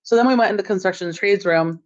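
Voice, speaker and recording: Woman, school administrator, chatty storytelling, excitable, lots of "like", muffled lo-fi meeting recording. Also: medium pitch, fast talker. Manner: chatty and excitable, heavy use of "like". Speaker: school administrator reporting to the school board. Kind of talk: storytelling report at a board meeting. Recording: dull, muffled meeting audio.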